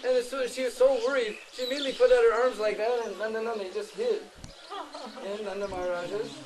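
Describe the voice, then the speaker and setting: A man telling a devotional story at an outdoor holy site in an animated, dramatic way, explaining chanted phrases. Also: high-pitched, fast. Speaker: pilgrimage speaker. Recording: outdoor crowd noise.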